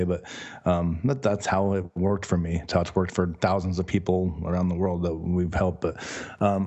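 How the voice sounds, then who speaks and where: A man's voice: low-pitched, darkish tone. A man being interviewed as a guest author and life coach, talking in a rambling, enthusiastic way and often correcting himself mid-sentence. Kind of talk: casual podcast interview.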